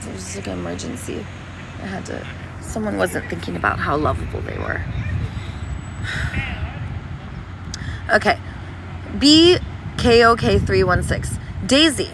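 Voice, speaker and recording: A woman chatting on a casual livestream outdoors, reading chat in a playful, doting, sing-song way. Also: mid-range voice. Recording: noisy outdoor street recording. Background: traffic noise.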